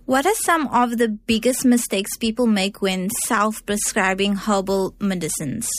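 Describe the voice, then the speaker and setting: A woman conducts an interview, reading out clear, prepared questions at an even, mid pitch. Her delivery is orderly and scripted, leading the guest from topic to topic. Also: measured pace. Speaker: interviewer host.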